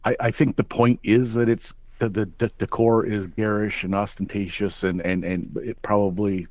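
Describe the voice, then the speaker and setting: Man, co-host, lower voice, mock-dramatic, halting, fillers, casual chat. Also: level tone, a little mellow, no echo. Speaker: podcast co-host.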